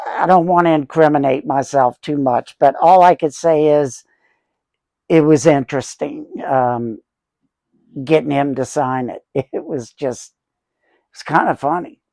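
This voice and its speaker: Gravelly man in his sixties, rambling. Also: fairly high pitch, measured pace, mellow, no room sound. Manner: rambling, chuckling anecdotes with many fillers. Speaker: collector and channel host. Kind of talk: casual storytelling vlog.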